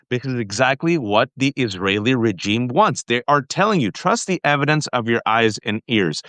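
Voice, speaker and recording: A man's voice: medium pitch, fairly bright tone, dry recording. Impassioned male political host. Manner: impassioned, addresses viewers directly. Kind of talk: political commentary.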